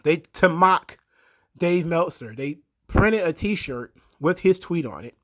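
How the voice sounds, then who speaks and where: A man's voice: fairly high pitch, expressive, takes it slowly, fairly bright tone. A man giving a blunt, opinionated, rambling commentary monologue as a show host.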